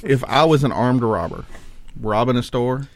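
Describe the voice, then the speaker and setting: A man's voice: mid-range voice, lively intonation, moderate pace. A man co-hosting a podcast, joking and arguing in casual banter. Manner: joking, argumentative, plays devil's advocate. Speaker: podcast co-host.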